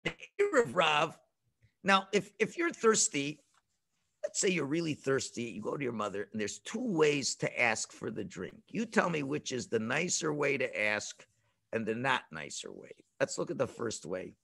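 A man teaching a children's religious class over a video call, telling the story in an animated way and acting out the voices. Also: mid-range voice, normal speed, creaky.

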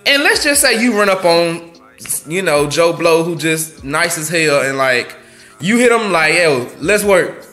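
A young man giving casual, profane, blunt advice as a vlogger, talking fast and animated. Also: fairly high pitch, faint music behind.

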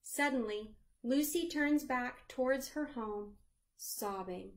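A woman librarian reading a picture book aloud to children, gently asking them questions along the way. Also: fairly high pitch, takes it slowly. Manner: sings the chorus lines in a lilting voice.

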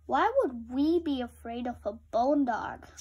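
A woman's voice: high voice, measured pace, breathy edge, lo-fi sound, heavily acted. A woman voicing a gang of rowdy, taunting skeletons in a storybook read-aloud. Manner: taunting, sing-song chanting.

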